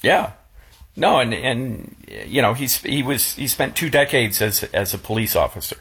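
A man speaking in a casual chat, halting with many restarts as he talks about something that moved him. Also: medium pitch, lively intonation, fairly bright tone, slightly rough.

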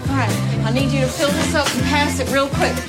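A woman's voice: high-pitched, a little fast, over loud music, close to an everyday voice. An actress playing a brash young woman with a regional American accent, barking orders during a bank robbery in a film. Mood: commanding. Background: loud film score.

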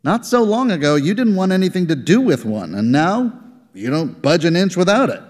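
Man putting on a loud, high-pitched worked-up coworker, read live in a hall with long reverb. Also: big pitch swings, moderate pace. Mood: teasing. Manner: gets loud and shrill, talks with mouth full. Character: excitable middle-aged male coworker.

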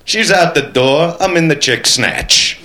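A man doing a crude, brash stand-up routine with an excitable, punchy delivery. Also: a little high, unhurried. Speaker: stand-up comedian.

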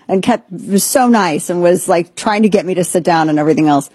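A woman's voice: fairly low pitch, a little fast, hardly any pauses, darkish tone, husky, no room sound. A woman hosting an opinionated commentary show, talking in an emphatic, sardonic way with blunt slang, while she has an ear infection. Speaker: show host.

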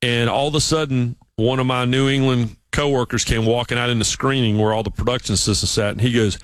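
A man with a Southern accent hosts sports radio, telling stories in an animated, chatty way. His voice sits in a middle range. The sound is close and dry, with no room around it. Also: medium pitch, fast, no echo. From South Carolina, US. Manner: animated storyteller, mimics voices. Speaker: radio sports show host. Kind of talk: casual radio chat and storytelling. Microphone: studio mic.

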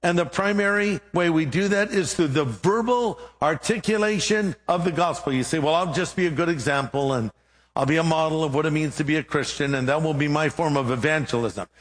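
A middle-aged male pastor delivers a sermon in a slightly high voice. He tells stories with playful, acted-out dialogue and dry humor. His voice carries a long reverb from a large hall. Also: brisk.

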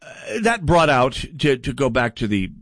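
A middle-aged man from North Dakota hosts a political talk radio show in a sardonic, mocking tone. His pitch leaps around animatedly in mid-range. The studio sound is close and dry. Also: big pitch swings, moderate pace, dry recording.

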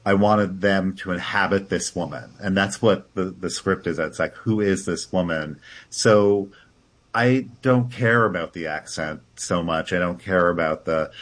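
A theater director with a low, slightly bright voice answers interview questions chattily. He laughs often and frequently restarts his sentences.

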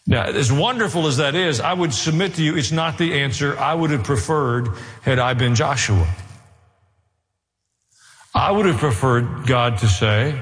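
A man's voice: moderate pace, fairly bright tone. Preaching man, long hall reverb. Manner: earnest preaching with dry asides, rising in pitch as he presses the point. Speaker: pastor. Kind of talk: sermon.

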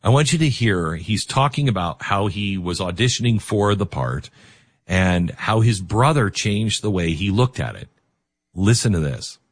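A low, husky-voiced man hosts a talk radio show with a lively, swinging delivery. He speaks with emotional emphasis into a dry studio microphone. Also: moderate pace, no echo.

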